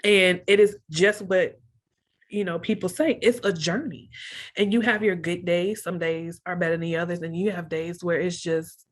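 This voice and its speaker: A woman's voice: fairly low pitch, steady tone, normal speed. A young woman telling her own story of pregnancy loss, candid and earnest, reenacting her own thoughts as she goes. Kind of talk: emotional personal storytelling.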